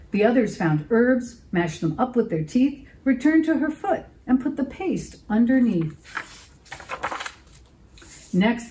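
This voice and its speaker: Woman, librarian, picture-book read-aloud for children, expressive, lively pitch, slow. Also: low-quality recording. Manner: expressive, asks children questions.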